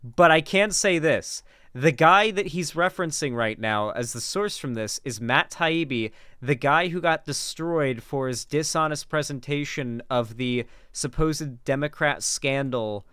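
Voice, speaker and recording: A man talks through a debate clip as a commentary host, casual and chatty with sarcastic asides. His voice is smooth and clear, recorded close and dry with no room sound. His pitch sits in an ordinary middle range. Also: moderate pace, a bit bright, no echo.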